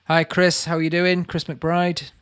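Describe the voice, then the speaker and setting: A man's voice: on the high side, monotone, measured pace, a bit bright, smooth. A man in his late thirties with a Lancashire accent, chatting casually on a livestream, reading viewer comments aloud and calling people mate. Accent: Lancashire English. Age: late 30s. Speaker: channel host answering live chat.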